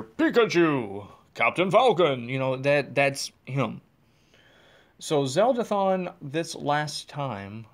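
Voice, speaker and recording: Rambling, excitable male podcast host. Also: mid-range voice, gravelly. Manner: rambling, self-deprecating, excitable. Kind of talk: casual solo podcast. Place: in a car on the road.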